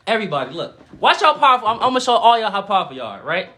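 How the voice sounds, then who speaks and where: Man, spiritual guide, livestream affirmations, high voice, crisp bright tone, repeats phrases, call-and-response. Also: sing-song, fairly quick, long pauses, a little hiss or hum. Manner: casual slangy speech.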